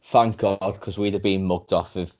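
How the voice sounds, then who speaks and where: A young man co-hosting a podcast in casual chat, playful and quick to laugh, often restarting his sentences. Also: low-pitched, steady tone, darkish tone, dull audio. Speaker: podcast co-host.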